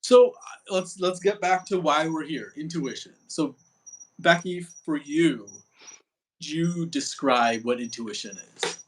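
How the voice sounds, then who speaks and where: A man hosting a casual interview, reflective and halting, with many fillers and restarts. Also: a little high, slight background noise, rough recording. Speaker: podcast host.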